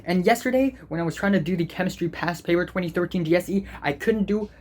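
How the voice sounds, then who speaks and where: A man's voice: high-pitched, fast talker, a little mellow. A teenage boy vlogging as a student, venting in an angry, profane and self-deprecating way. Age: teens. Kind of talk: ranting vlog.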